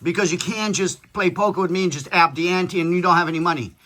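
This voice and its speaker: A man's voice: high-pitched, fast, pushed and bright. A man talking casually with his daughter, lecturing her in a blunt, profane storytelling manner. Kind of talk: casual chat.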